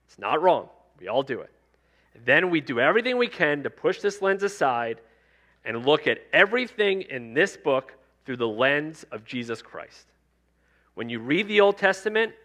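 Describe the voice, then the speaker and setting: A man's voice: mid-range voice, sharp tone. A male pastor delivering a sermon in a conversational preaching style, circling back to repeated refrains. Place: church sanctuary.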